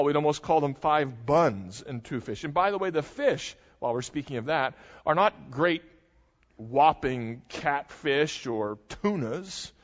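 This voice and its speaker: A man preaches an explanatory sermon in a conversational way, slipping in dry asides. His voice sits a little high and the sound is dull, with long reverb trailing through a large church hall. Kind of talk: expository sermon.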